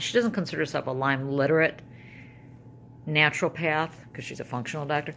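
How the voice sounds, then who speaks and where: An older woman chats into her camera at home in a loose, rambling vlog, circling back and restarting her sentences. Her voice carries a gravelly, creaky edge, with a faint hiss of background noise under it. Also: deep voice, normal speed, fairly bright tone. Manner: rambling, conversational, with trailing restarts. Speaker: vlogger. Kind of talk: casual personal health vlog.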